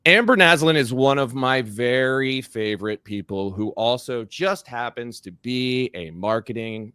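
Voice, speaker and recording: Bright, crisp-voiced male podcast host. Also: fairly low pitch, no echo, clean studio sound. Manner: playful, animated, joking asides. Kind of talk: casual interview chat.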